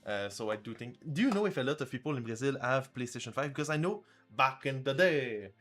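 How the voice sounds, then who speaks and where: A man talks over a livestream about the game he is making, rambling and joking with crude asides. His voice sits at an ordinary pitch, and faint music plays behind him. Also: expressive, brisk, a bit bright. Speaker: indie game developer streaming. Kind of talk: casual livestream chat.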